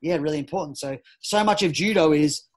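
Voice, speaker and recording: The audio is rough, with a little hiss or hum, as a man on the high side speaks a little fast. He's a judo coach and former Olympian, a parent at home, giving an animated podcast interview peppered with restarts.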